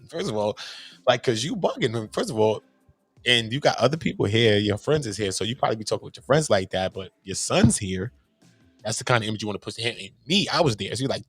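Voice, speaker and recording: A young man, casually telling a story as host, animated and swearing freely in street slang. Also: on the low side, quick pace, slightly rough, no echo, soft background music.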